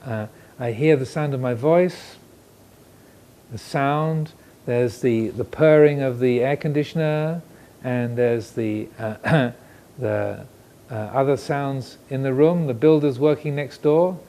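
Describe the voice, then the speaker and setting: Mellow-voiced monk giving a reflective talk. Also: male voice, medium pitch. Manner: reflective, pausing, asks questions. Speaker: Buddhist monk teacher. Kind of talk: dharma talk. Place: indoor room with air conditioner. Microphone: filmed by cameras.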